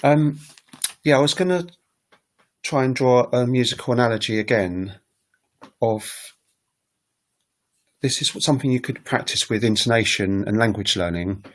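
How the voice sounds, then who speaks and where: A man's voice: mid-range voice, normal speed, pauses often. A man teaching on a casual livestream, talking in a rambling, hesitant way with many fillers. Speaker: language teacher and recorder player. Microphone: webcam livestream setup.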